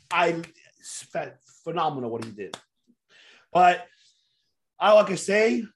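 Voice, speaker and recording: Man, fairly high voice, excitable, swears a lot, casual podcast host. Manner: excitable, swears freely, laughs often. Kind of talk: casual wrestling chat.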